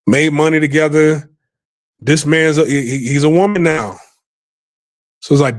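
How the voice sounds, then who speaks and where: Profane rambling man, higher voice. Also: normal speed, long pauses, no room sound. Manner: profane, rambling, repeats himself. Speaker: podcast host. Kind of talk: casual commentary.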